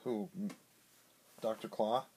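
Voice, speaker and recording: Husky dad reading a picture book. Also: male voice, lowish voice, fairly even intonation, slow, a little mellow, rough recording. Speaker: father reading to his son. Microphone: iPad held in hand.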